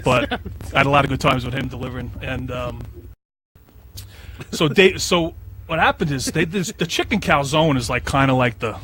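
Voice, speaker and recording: A man's voice: mid-range voice, expressive, moderate pace, long pauses, a bit bright, a little hiss or hum. A man hosting a casual chat, rambling with lots of fillers as he talks about local spots. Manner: rambling, lots of "you know" and "like". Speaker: host.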